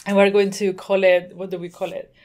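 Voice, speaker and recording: A woman hosting a screen-recorded software tutorial, chatty and thinking aloud as she works, laughing now and then. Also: medium pitch, little pitch movement, a little fast, slight background noise. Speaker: tutorial host.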